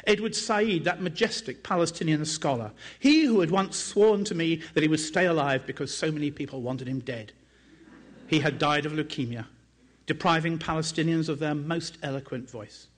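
A man, an author and journalist, reading excerpts from his own book aloud in a measured, dramatic way, raising his pitch for quoted speech.

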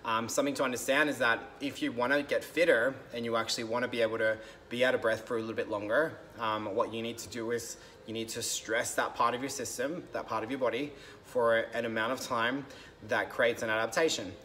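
A young man talks through a fitness idea in a relaxed, unscripted way, pausing on ums and restarting his sentences. His voice sits at an ordinary middle pitch. A faint hiss of noise stays under the recording. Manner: loose and conversational, many ums and restarts. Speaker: fitness coach. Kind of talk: casual explanatory talk to camera.

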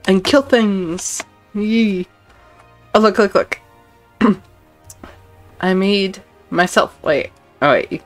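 Playful, unhurried woman streamer. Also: mid-range voice, faint music behind. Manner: playful and giggly, reads game text aloud. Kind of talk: casual gameplay commentary.

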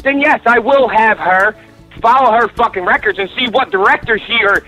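An angry man on a prank phone call, cursing and shouting threats at an operator. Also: high voice, moderate pace, faint music behind. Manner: profane, shouting, aggressive. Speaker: caller.

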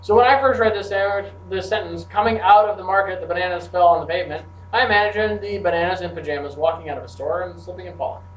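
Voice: medium pitch, quick pace, hardly any pauses. A teacher leads a class through a grammar lesson and slips in playful, joking asides. The voice rings around a roomy classroom and is picked up from a distance. A faint hum sits underneath.

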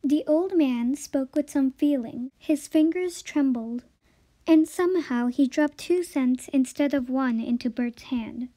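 A woman's voice: sits high, measured pace, warm tone. A woman reading a story aloud for her channel, with a plain, careful delivery. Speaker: story reader.

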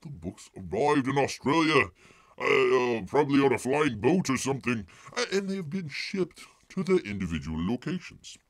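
A man hosts a casual live stream with a gravelly, fairly low voice. He rambles folksily, leans on filler words and calls himself by name. His pitch leaps around wildly, and the sound is close and dry. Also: big pitch swings, normal speed, dry recording. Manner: rambling, refers to himself in the third person.

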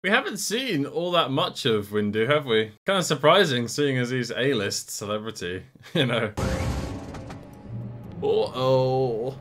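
Young guy reacting to a movie, lively pitch, unhurried, film music underneath. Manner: excitable, laughing often. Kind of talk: casual reaction commentary. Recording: film soundtrack playing behind.

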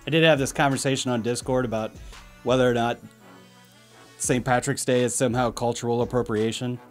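A man's voice: medium pitch, steady tone, brisk, faint music behind. A man hosting a casual commentary vlog, talking in a rambling, self-deprecating way. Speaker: video host.

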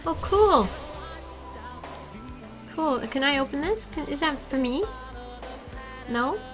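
A woman chatting casually and excitably with her viewers while she plays a game on a livestream. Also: high-pitched, slow pace, music in the background, rough recording. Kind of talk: casual gaming livestream chat.

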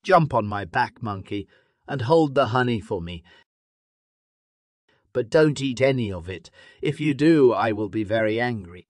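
A man voicing a big male lion who is proud, stern and quick to threaten, in a storybook tale for learners. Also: mid-range voice, lively intonation, no echo, clean studio sound, close to an everyday voice.

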